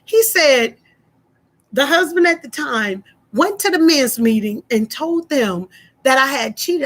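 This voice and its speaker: A woman's voice: sits high, expressive, a little slow, a bit bright. A woman speaks straight to her viewers. She is middle-aged and tells a personal story in a casual, emphatic way, repeating her key points and acting out both sides of a phone call. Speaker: vlogger telling a personal story.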